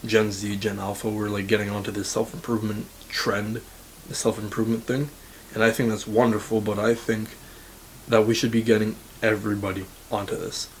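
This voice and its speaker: A man's voice: fairly low pitch, a little hiss or hum, low-quality recording. An eighteen-year-old man from Canada giving blunt, casual self-improvement advice to camera as a university student, swearing freely and saying "like" a lot. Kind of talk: motivational talk to camera.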